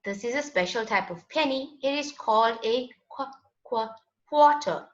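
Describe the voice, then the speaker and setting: A woman's voice: a little high, normal speed, fairly bright tone. A woman teaching a children's phonics lesson in a patient, sing-song voice. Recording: echoey, dull lo-fi room sound.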